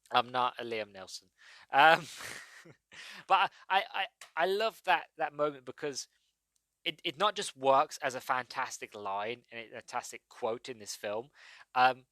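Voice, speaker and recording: A man's voice: medium pitch, sharp tone, no room sound. A man hosting a solo movie review podcast, talking enthusiastically and rambling with lots of fillers. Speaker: podcast host.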